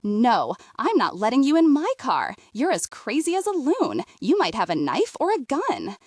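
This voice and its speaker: A brash, rude middle-aged realtor who scolds with open scorn, as a woman puts her on. Her voice sits fairly high and swings a lot as she mocks. The sound is dry and close. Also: huge pitch swings, normal speed, darkish tone, dry recording, exaggerated voice. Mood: scornful.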